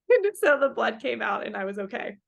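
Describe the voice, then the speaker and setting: A woman's voice: on the high side, very animated, normal speed, vocal fry. A young woman telling her story as an interview guest in a casual, chatty way, full of fillers and quoted remarks.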